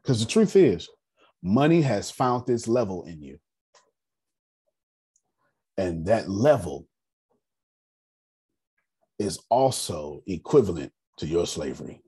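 A man's voice: deep voice, big pitch swings, slow, long pauses, mellow, breathy edge. A man leads a group meeting on personal finance, telling stories emphatically, repeating key phrases and speaking bluntly with humor. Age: 30s. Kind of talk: animated storytelling talk to a group.

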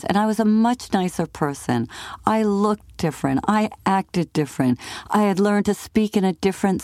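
A middle-aged woman giving a self-help talk, telling a personal story in long animated run-on lists. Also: on the low side, dry recording, studio quality.

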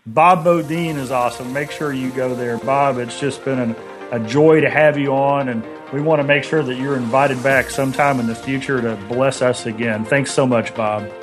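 A man's voice: medium pitch, steady tone, normal speed, music in the background. Effusive male host wrapping up the show. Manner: effusive, promotional. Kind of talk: show wrap-up and thanks.

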